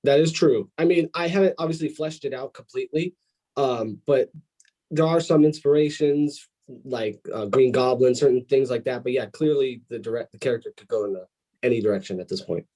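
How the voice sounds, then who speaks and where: Male wrestling student, husky voice, eager casual talk. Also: medium pitch, brisk, dark tone. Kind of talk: casual conversation.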